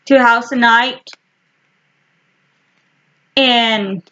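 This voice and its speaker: High-voiced woman rambling slowly about her books, stops and restarts a lot, dull lo-fi audio. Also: fairly bright tone. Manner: halting, restarts often, talks in short fragments; slow and rambling. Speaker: vlogger showing her book collection. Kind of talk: casual chat.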